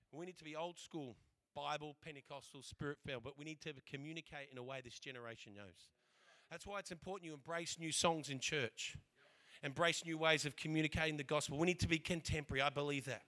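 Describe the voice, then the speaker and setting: An Australian man preaching a sermon, telling a lively church story with animated, repeating delivery. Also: fairly high pitch. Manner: animated, repeats words as he speeds along.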